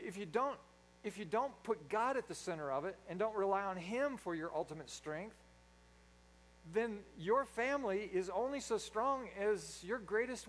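A man preaching a sermon in a church, a dynamic speaker who swings from loud emphasis to quiet asides. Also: sits high, a little hiss or hum, rough recording. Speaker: pastor. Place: church sanctuary.

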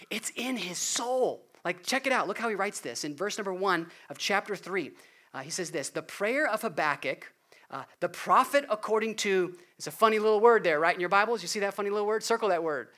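A man preaching a sermon in an earnest way, rising to loud emphasis and dropping to hushed appeals. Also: high-pitched, lively intonation, a little fast. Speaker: pastor.

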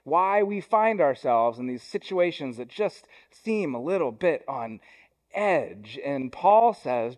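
A young man delivers a sermon in a church sanctuary. His voice sits slightly higher than most men's, and his tone is conversational, with self-deprecating asides. He speeds through some thoughts and slows deliberately on others. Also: big pitch swings. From Ohio, US. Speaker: pastor.

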